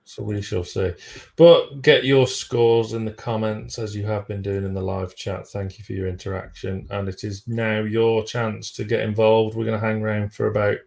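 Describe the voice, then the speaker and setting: A man's voice: lowish voice, level tone, normal speed, gravelly, a little mellow. A man hosting a live football fan stream, dry and sardonic, sounding tired as he runs the chat. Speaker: fan channel host.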